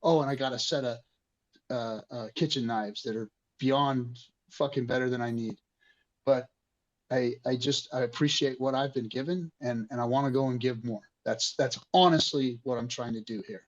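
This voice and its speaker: A man's voice: mid-range voice, fairly even intonation, normal speed, dull audio. A man hosting an online community discussion, speaking passionately and emotionally with frequent swearing.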